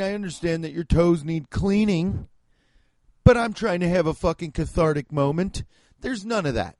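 A man from the American Midwest rambles through a casual monologue, sarcastic and quick to swear. His voice sits a little high for a man. The sound is dry and close, with no room around it. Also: darkish tone, no echo. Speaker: podcast host and stand-up comedian.

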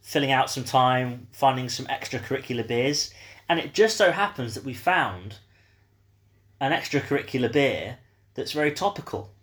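Male podcast host, casual and rambling, mid pitch. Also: expressive, moderate pace, a bit bright. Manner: chatty, with many ums and uhs. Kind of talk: casual chat.

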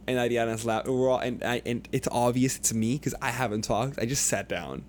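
A young man casually telling a long, animated story on a podcast, swearing freely and acting out what people said. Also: mid-range voice, fairly quick, a little hiss or hum. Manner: animated, profane, acts out quotes. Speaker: podcast co-host.

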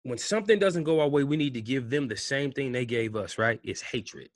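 A man's voice: brisk, dry recording. Heated man ranting into a dry mic. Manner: heated, rhetorical questions, swings between loud outbursts and low mutters. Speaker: vlogger. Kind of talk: impassioned commentary rant.

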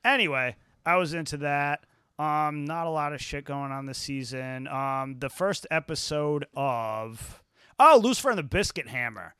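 A man hosting a podcast in casual chat, swearing freely and acting out scenes with quick quoted voices. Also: on the high side, sharp tone, clear, resonant tone, no echo, clean studio sound. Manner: profane, rambling, acts out scenes in quotes. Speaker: podcast host.

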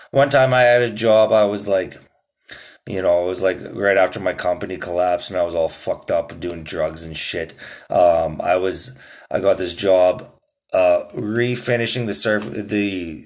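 A man's voice: low-pitched, unhurried, darkish tone. A man hosting his own podcast in loose, rambling casual chat, swearing a lot and calling listeners "dude". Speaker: podcast host.

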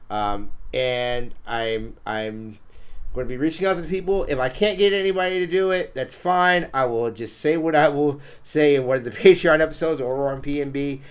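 A man's voice: medium pitch, normal speed, clear, resonant tone. A man hosting a podcast in casual chat, rambling with fillers and restarts. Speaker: podcast host.

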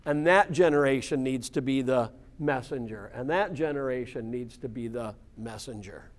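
A man's voice: mid-range voice, moderate pace. A man leading an informal Bible study class, explaining scripture conversationally and often checking in with the group. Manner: conversational, keeps checking in with "right?" and "yeah".

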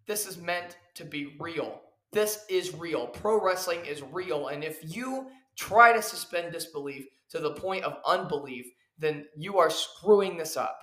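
A man's voice: a little high, measured pace, few pauses, a bit bright. A man hosting his own podcast as a professional wrestler, lecturing in a heated, preachy way and hammering his points over and over. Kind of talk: ranting solo podcast. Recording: echoey room.

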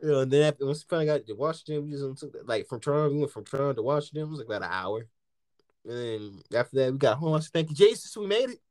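A man from the United States hosting a casual podcast chat, telling stories in an animated way with lots of slang and swearing and acting out what people said. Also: mid-range voice, rapid-fire, dry recording. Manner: animated storytelling, heavy slang and swearing, acts out quotes. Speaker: podcast host.

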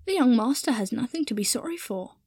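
Woman doing a slow, humble male house-elf. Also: medium pitch, steady tone, gravelly, darkish tone, no echo. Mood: anxious. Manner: slow, formal, self-deprecating speech. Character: timid, dutiful male house-elf servant.

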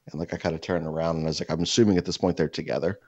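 A man with a very low, deep voice tells a meandering story, leaning on "like" and "you know" as he goes. The sound is dry and close, slightly dull and lo-fi, and he drops into put-on voices for the people he quotes. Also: fairly even intonation, very fast, darkish tone, dry recording. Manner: rambling, heavy "like" fillers. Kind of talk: casual anecdote.

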